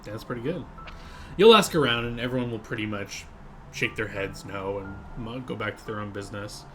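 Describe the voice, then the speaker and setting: A man's voice: lowish voice, moderate pace, noisy background. A man running a tabletop game, narrating in a loose, rambling way with many fillers. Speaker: game master.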